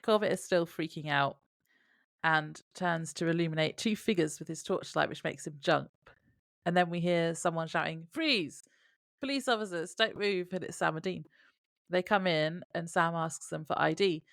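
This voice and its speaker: A woman's voice: deep voice, steady tone, moderate pace, gravelly, dry recording, clean studio sound. A woman co-hosting a podcast in casual chat, laughing often and reading from her notes. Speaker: podcast co-host.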